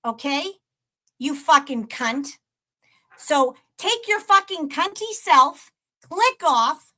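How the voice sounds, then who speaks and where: Woman, live-stream host, very high voice, slow mocking profane rant. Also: expressive, sharp tone. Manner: profane, taunting, laughs between jabs. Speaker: livestream host. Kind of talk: ranting live-stream commentary.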